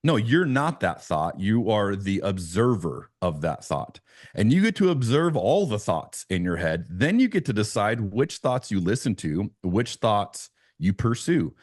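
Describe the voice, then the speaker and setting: A man with a very low voice, talking as a pastor on a podcast. He tells his story earnestly, often restarting his phrases. The sound is dry and close. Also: big pitch swings, a little slow, no room sound. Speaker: pastor, guest. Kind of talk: conversational podcast interview.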